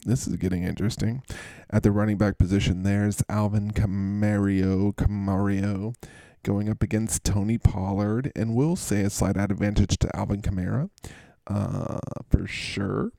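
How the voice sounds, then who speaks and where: A man's voice: on the low side, fairly even intonation, a little slow, creaky, dark tone, no echo. A man hosting a fantasy football show, breaking down matchups in a playful, teasing and theatrically gushing manner. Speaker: podcast host.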